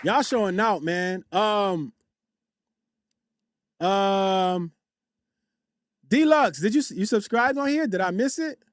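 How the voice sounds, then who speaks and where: Male streamer, high voice, dry close sound; casual slangy chat-reader who repeats himself and shouts out viewers. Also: takes it slowly, long pauses, no echo, a faint crowd. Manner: loose slangy banter, repeats phrases, frequent shout-outs. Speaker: livestream host. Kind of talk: casual livestream commentary, reading chat aloud. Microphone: desktop USB condenser mic.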